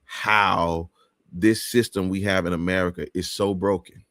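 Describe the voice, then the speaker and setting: A man's voice: low voice, steady tone, unhurried, fairly bright tone, no room sound, studio quality. A man hosting a live talk show, speaking in an emphatic, preachy way with many restarts.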